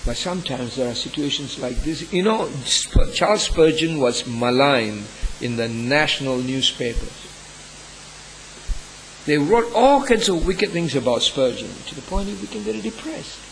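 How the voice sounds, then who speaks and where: A man's voice: lively intonation, moderate pace, a bit bright, slight background noise, rough recording. A man, a pastor, tells a personal story in a sermon, earnest and emotional, sometimes lifting his voice sharply. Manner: earnest, emotional storytelling with sudden rises in pitch.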